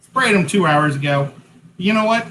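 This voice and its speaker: A man's voice: high voice, lively intonation, normal speed, background noise. A man co-hosting a casual livestream, chatty and self-correcting as he sets up and explains his painting. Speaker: co-host. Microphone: headset-style hat cam mic.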